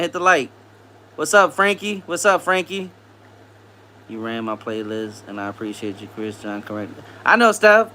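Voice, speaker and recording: A high-voiced man hosts a casual live stream, reading viewer comments aloud, greeting people by name and relaxedly repeating phrases.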